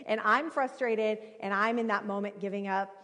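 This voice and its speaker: Preaching in a reverberant hall, a woman in her thirties shares a personal story, animated and conversational with lots of fillers. Her voice is medium-pitched and she speaks at a normal speed.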